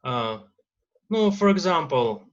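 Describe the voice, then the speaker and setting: A man's voice: on the high side, sing-song. Russian-accented male teacher, dull recording. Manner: lecturing with many uh fillers and pauses. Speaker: English teacher. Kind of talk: recorded grammar lesson.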